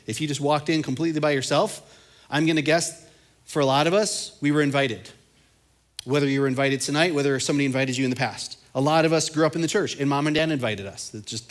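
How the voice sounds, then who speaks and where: A young man preaching a casual, energetic sermon to students, talking conversationally. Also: a little high. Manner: animated, conversational, acts out quotes. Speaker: youth pastor.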